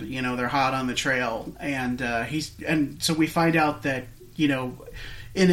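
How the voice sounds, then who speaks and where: Rambling man retelling a movie scene. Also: fairly high pitch. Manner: rambling, animated retelling with many fillers. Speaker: podcast co-host. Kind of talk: casual movie discussion.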